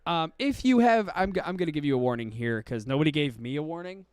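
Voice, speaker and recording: A man's voice: on the high side, lively intonation, fast, darkish tone, smooth, dry recording. A male podcast host giving casual streamed commentary, with profane, exaggerated ranting.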